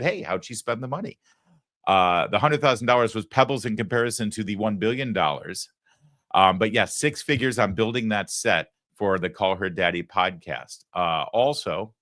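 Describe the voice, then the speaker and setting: A man's voice: lowish voice, a bit bright, no echo, studio quality. Sarcastic man hosting a talk show. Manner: sarcastic, mocking asides. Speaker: host. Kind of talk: political talk show commentary.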